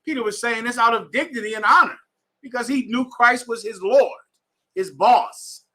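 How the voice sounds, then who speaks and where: A man's voice: very high-pitched, moderate pace, bright, forceful tone. A man teaching a bible class to students in a room, emphatic and slangy, telling readers to keep going. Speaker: scripture class instructor.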